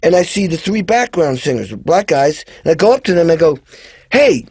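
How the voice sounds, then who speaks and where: A man's voice: a little high, lively intonation, fairly quick, darkish tone, slightly rough, no echo. A man as a guest drummer, telling stories in casual chat and animatedly acting out the voices of people he quotes. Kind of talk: casual storytelling.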